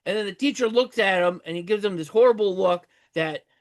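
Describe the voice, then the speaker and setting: A man co-hosting a podcast, retelling film scenes in a casual, halting way. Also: high voice. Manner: halting storytelling with fillers and restarts. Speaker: podcast co-host. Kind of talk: casual movie recap chat.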